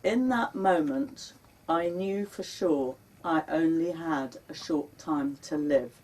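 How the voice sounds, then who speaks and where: Slow-reading woman author, distant mic. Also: deep voice, darkish tone, slight background noise. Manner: unhurried, dramatic when quoting her panicked self. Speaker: author reading her memoir. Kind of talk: live reading of memoir prose. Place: bookshop launch event. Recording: recorded from a distance.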